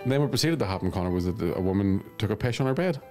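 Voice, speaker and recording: A young Northern Irish man, a comedian guest on a podcast, telling crude stories in a bawdy, self-mocking way with deadpan punchlines. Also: lowish voice, racing, faint music behind. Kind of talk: casual podcast chat, crude storytelling.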